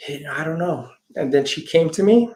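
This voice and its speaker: Gravelly man rambling through a story. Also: a little high, animated, brisk, darkish tone, rough recording. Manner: rambling, full of "you know" and "I says", retells dialogue. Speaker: guest, healer. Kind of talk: personal storytelling in a conversation.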